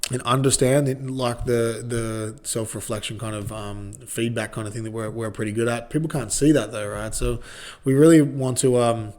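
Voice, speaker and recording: A former rugby league player in his thirties, speaking with an Australian accent, chats as a podcast guest in a laid-back, rambling way and swears freely. His voice is medium-pitched and somewhat dark, with a steady tone and moderate pace.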